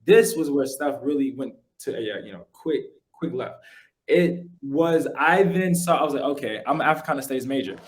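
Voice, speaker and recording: A young man, a podcast guest, casually telling his story in animated, slangy speech full of "like" and "yo". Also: medium pitch, normal speed.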